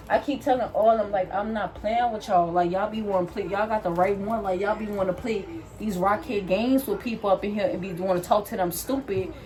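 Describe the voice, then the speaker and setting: A young woman vlogger telling a work story while she does her hair, animated and acting out the other people in it. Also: medium pitch.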